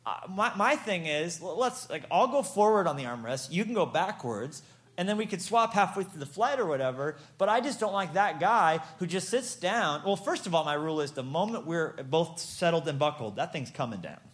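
A man's voice: on the high side, lively intonation, moderate pace, a bit bright. A man preaching a humorous sermon as a pastor, playful and storytelling, acting out little exchanges.

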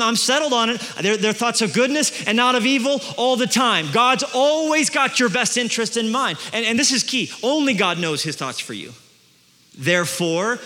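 Emphatic high-voiced preacher in a reverberant hall. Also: male voice. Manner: emphatic preacher, swings from hushed to booming. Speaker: pastor. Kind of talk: sermon. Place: large church hall.

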